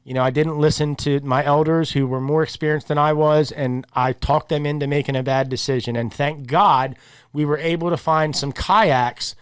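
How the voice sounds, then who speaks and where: A man's voice: on the high side, normal speed, clean tone, no echo. Chatty man telling a rambling story. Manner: rambling, animated storyteller, repeats words, laughs while talking. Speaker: podcast host. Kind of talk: casual chat.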